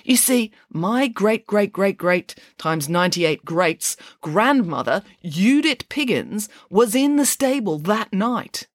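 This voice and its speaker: A woman's voice: medium pitch, very animated, slow pace, few pauses, no room sound, clean studio sound, pitched above the performer's own voice. A woman voicing a theatrical, indignant female pig nanny in a storybook reading, grandly declaiming her lines. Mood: grandiose.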